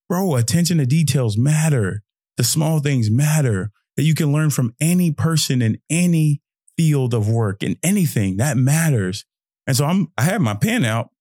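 Slangy young man with a gravelly voice. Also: dry recording, studio quality. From Fort Worth, Texas. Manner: loose, slangy and animated, jumps into high mocking voices for quoted thoughts. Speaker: podcast host. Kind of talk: solo motivational podcast monologue.

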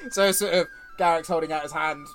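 A man narrating as game master, telling the scene in a relaxed, chuckling way with many fillers. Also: on the high side, moderate pace, soft background music.

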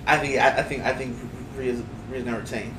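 A man's voice: mid-range voice, fairly even intonation, fairly quick. A man co-hosting a podcast in casual chat, laid-back and laughing easily as he leads the segments. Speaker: podcast co-host. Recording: roomy echo, distant mic, faint noise.

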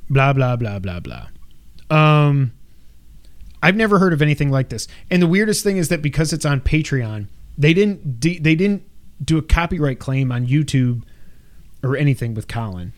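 A man co-hosting a casual gaming podcast, reading news aloud and chatting in an animated, quick way. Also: fairly high pitch. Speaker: podcast co-host.

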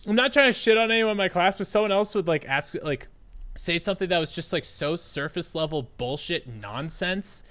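Young guy for a casual chat show, animated and profane storyteller, bright voice, big swings in pitch. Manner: animated, profane, fast and full of fillers.

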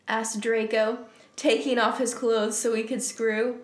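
A woman's voice: fairly high pitch, little pitch movement, measured pace. A woman co-hosting a comedy podcast, reading a fan fiction aloud and laughing often. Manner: amused, often breaks into laughter while reading. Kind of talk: comedic reading and casual chat. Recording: roomy echo.

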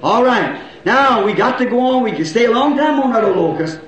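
A middle-aged man preaching a revival sermon to a congregation, in folksy rural grammar, asking questions and now and then breaking into shouts. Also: very high voice, lively intonation, brisk, a crowd in the background. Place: church hall with congregation. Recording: very echoey old church recording.

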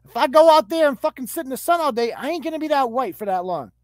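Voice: sits high, animated, fast talker, no room sound, studio quality. A podcast host delivering a profane, mocking rant as commentary. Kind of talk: ranting commentary.

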